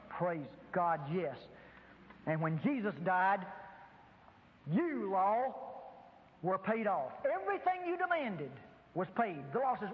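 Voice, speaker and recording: Emphatic high-voiced preacher. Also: male voice, measured pace, in a large hall, muffled recording. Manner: emphatic, dramatic, acts out dialogues. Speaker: pastor. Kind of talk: sermon. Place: large room before a congregation.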